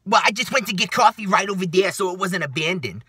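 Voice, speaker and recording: A man voicing an indignant older woman customer with a New York accent, shrill and whining. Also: animated, fast, pushed and bright, breathy edge, no echo, clean studio sound, full character voice.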